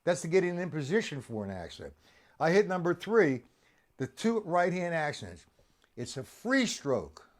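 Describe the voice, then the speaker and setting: A man teaching drums on a live stream, his voice lively and swinging widely up and down. He is animated, teases his students, and keeps quizzing them by name. He sits a little high for a man. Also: unhurried, a little hiss or hum. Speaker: drum teacher. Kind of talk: live-streamed drum lesson.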